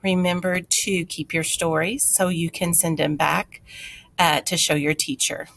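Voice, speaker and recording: Female teacher, slightly low voice, unhurried and encouraging, recorded lesson for young kids. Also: flat delivery, fairly bright tone, no room sound. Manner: patient, encouraging teacher explaining step by step.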